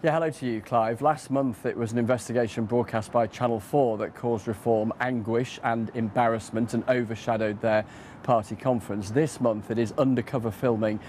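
A man's voice: mid-range voice, fairly even intonation, moderate pace, a little mellow. A man reporting live as a political correspondent, conversational and with frequent hesitations. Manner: conversational, with many "uh" fillers. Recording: faint street noise behind.

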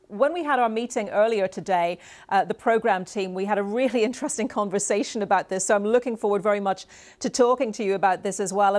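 A woman hosting a broadcast interview. She introduces guests and puts questions to them in a measured voice with small hesitations. Her pitch sits in a middle range. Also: a little mellow. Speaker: radio host.

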